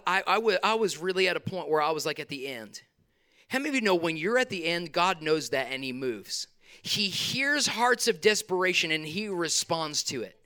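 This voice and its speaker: A man's voice: sits high, expressive, moderate pace, sharp tone. A male pastor, preaching a conversational sermon in a church, acting out his prayers and quotes. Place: church sanctuary.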